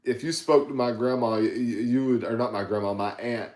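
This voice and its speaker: A man's voice: mid-range voice, a little fast, a little mellow, reverberant. A man with a Southern accent from South Carolina, co-hosting a podcast in casual chat, easygoing with stammered restarts. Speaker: podcast co-host.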